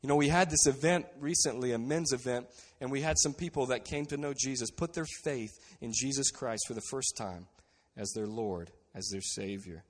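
A pastor preaches in a mid-range male voice, earnest and unhurried. He sinks to a hushed tone to drive home his main lines. His voice rings with the long reverb of a large hall. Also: mid-range voice. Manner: earnest preaching, drops to quiet emphasis on key phrases. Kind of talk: sermon.

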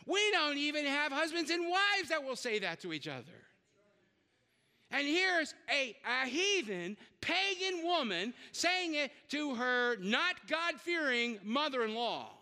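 A middle-aged guest preacher delivers a sermon to his congregation in an unusually high, bright voice. He is animated and keeps a measured pace, shouting repeated calls to the crowd between joking asides. A long reverb carries his voice through the large church hall.

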